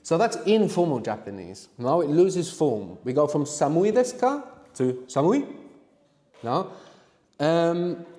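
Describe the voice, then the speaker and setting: A man's voice: fairly high pitch, very animated, mellow. Man teaching a class in a reverberant room. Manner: explains slowly, prompts students to answer. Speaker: language teacher. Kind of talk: live language workshop. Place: room with students.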